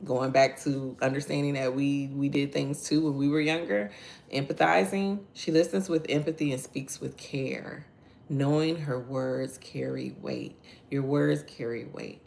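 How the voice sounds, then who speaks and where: A woman's voice: very deep voice, steady tone, measured pace, creaky, a little mellow, slight background noise. A middle-aged woman hosting a casual devotional talk, earnest and conversational, reading viewer comments aloud. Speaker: devotional host.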